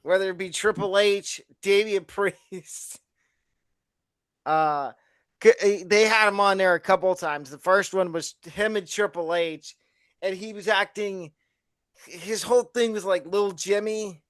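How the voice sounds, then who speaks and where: A man with a notably high voice co-hosts a relaxed sports podcast. He laughs often as he talks, and the sound is dry with no room echo. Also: a little slow, clear, resonant tone. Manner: laughs often while talking. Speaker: podcast co-host. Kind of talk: casual wrestling chat.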